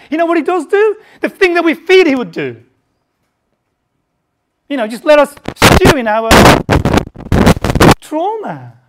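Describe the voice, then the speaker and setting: A woman preaching a sermon in a conversational way, asking many rhetorical questions and swinging from hushed to loud. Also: high voice. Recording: heavy background noise.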